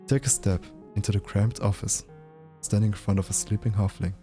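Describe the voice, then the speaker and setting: A man's voice: lowish voice, steady tone, a little fast, mellow, soft background music. A man streaming a game, reading its text aloud and breaking off for casual remarks. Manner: reads text aloud, breaks off to joke and ask.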